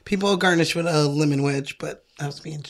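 A woman's voice: low voice, brisk. A young woman co-hosting a casual chat, explaining drinks in a laid-back, rambling way with frequent laughs. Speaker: co-host making cocktails.

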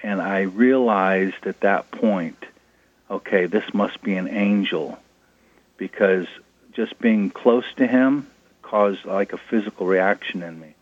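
A man, a guest author, telling personal stories in an interview in a relaxed way with fillers. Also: deep voice, slow pace. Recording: tinny phone line.

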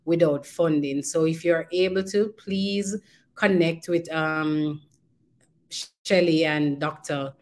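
A woman's voice: deep voice, fairly even intonation, slow, a little mellow. A Jamaican woman hosting a community talk show, chatting casually, slipping into patois and laughing easily. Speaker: show host.

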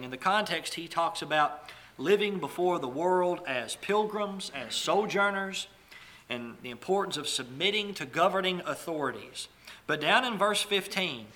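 A man's voice: fairly high pitch, pushed and bright. A man preaching a sermon in a conversational way, telling stories with small restarts and asides.

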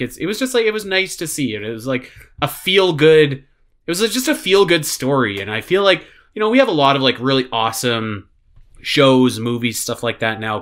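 A man co-hosting a podcast, chatting casually and animatedly about a show, with lots of fillers. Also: medium pitch. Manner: animated, rambling with many fillers. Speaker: podcast co-host. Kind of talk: casual chat reviewing a show.

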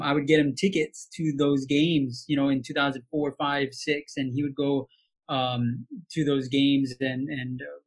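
A man's voice: mid-range voice, fairly bright tone, husky. A man in his late thirties from Hawaii, a sportscaster telling heartfelt stories as a podcast guest, with frequent restarts. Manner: heartfelt storytelling with many restarts. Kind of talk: casual podcast interview.

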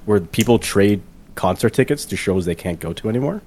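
Ranting podcast co-host, low voice. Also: male voice, animated, a little fast, darkish tone. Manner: chatty, ranting, emphatic. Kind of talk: casual chat.

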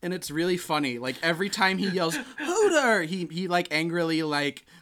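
A man hosting a podcast, chatting casually and retelling a film with lively acted-out quotes. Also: fairly high pitch, brisk. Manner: animated storytelling, acts out quotes. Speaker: podcast host. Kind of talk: casual chat.

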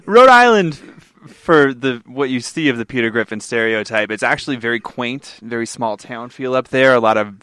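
A man's voice: medium pitch, steady tone, brisk, hardly any pauses, a bit bright, smooth, no echo. A man, co-hosting a casual podcast with dry, wry one-liners. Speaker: podcast co-host.

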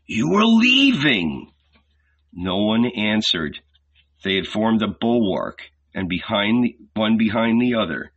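A man reading a novel aloud in a measured, deliberate, dramatic way, on a dull lo-fi recording. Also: on the low side. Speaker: audiobook reader.

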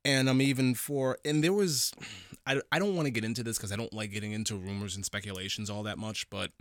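Man, podcast co-host, casual chat, low voice, repeats words while thinking, dry close sound. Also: fast, no room sound.

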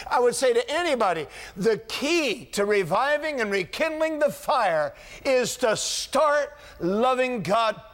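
A man's voice: extremely high pitch, a bit bright. A man preaching a sermon, asking rhetorical questions and voicing biblical dialogue, with a chuckle now and then. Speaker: pastor.

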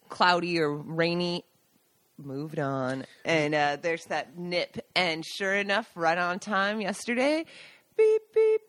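Woman, podcast co-host, low voice, dry close sound, playful, chimes in a lot. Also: fairly bright tone, no room sound. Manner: playful, chiming in often. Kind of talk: casual chat.

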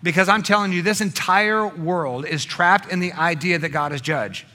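A man preaching a sermon with a bright, forceful tone that sits a little higher than most men's. His delivery swings between emphatic, pressing passages and quiet, hushed ones. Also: moderate pace. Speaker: pastor.

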